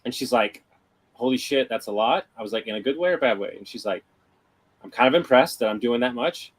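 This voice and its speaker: A man on a podcast chat, telling a lively story, playing out both sides of a conversation and swearing casually. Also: medium pitch, a little fast, husky, rough recording. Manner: animated storyteller, acts out dialogue, swears freely. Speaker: guest.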